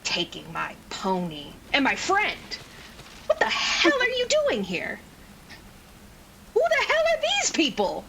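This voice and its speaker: A woman's voice: mid-range voice, animated, slow pace, vocal fry, pauses often, fairly bright tone, slight background noise, heavily acted. A woman voicing a fierce, foul-mouthed armored female warrior, cursing and snapping in exasperation. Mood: furious.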